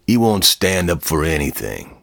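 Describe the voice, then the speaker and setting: A man voicing a burly, bullying man with a gruff, taunting way of talking. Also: very deep voice, sing-song, normal speed, a bit bright, no room sound, clean studio sound, exaggerated voice.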